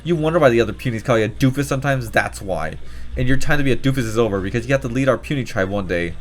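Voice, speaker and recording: A man's voice: medium pitch, rapid-fire, faint music behind, close to an everyday voice. A man putting on a bossy old elder woman. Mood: scolding. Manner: barking, scolding, impatient. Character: cranky old female tribal elder, bossy scold. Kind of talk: voiced game playthrough.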